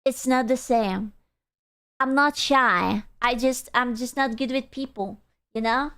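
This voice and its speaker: High, clear-voiced woman streamer. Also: steady tone, normal speed. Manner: blunt, self-deprecating, teasing. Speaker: streamer reacting to clips. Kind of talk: casual chat.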